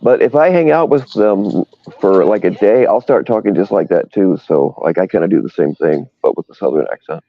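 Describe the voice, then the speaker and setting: A man's voice: deep voice, expressive, brisk, hardly any pauses. A man in casual banter, joking and rambling with frequent stutters and restarts. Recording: dull lo-fi dry sound.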